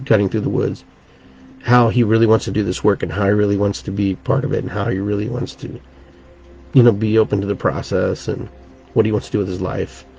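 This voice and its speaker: Gravelly-voiced man telling a story. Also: lowish voice, dark tone, a little hiss or hum. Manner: rambling, earnest, restarts often. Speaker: podcast host and shaman teacher. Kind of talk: casual storytelling monologue. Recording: dull lo-fi recording.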